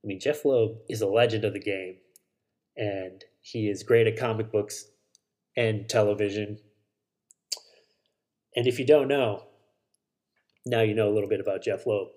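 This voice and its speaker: A man's voice: on the low side, steady tone, normal speed, pauses often, a little mellow. A man hosting a solo podcast, rambling casually about shows and movies, swearing and correcting himself as he goes. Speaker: podcast host.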